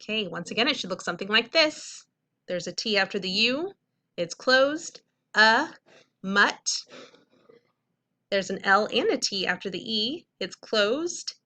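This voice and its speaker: Woman, teacher, bright voice, patient, clear, checks in often, middle-school reading lesson. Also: medium pitch, lively intonation, normal speed. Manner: clear, patient explaining with frequent "okay?" checks.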